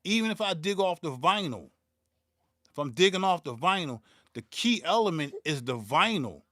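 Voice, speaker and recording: A man's voice: a little high, very animated, moderate pace, sharp tone, no echo, clean studio sound. A man, hosting his own beatmaking channel and ranting in a profane, heated way, stumbling and repeating words as he gets worked up. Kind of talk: livestream rant.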